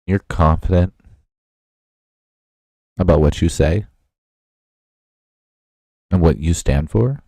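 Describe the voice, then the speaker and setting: A man hosting a livestream, casually reacting to clips with a slow, lecturing manner. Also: low-pitched, vocal fry, warm tone, no echo. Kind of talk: casual reaction stream chat.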